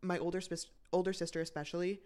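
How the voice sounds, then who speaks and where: A woman's voice: on the low side, level tone, fast, a little mellow. A young woman from Michigan with a Midwestern American accent, a chatty, playful storyteller guesting on a podcast. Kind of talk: casual chat.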